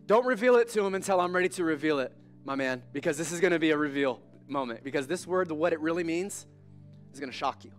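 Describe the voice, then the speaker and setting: A male pastor preaching a sermon in an animated, conversational, joking manner during a church service. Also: on the high side, fast talker, faint music behind.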